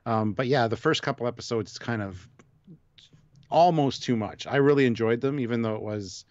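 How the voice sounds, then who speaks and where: A man co-hosting a live stream in a relaxed, casual way, reading out viewer donations and messages. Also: mid-range voice, normal speed, no room sound, highs cut off.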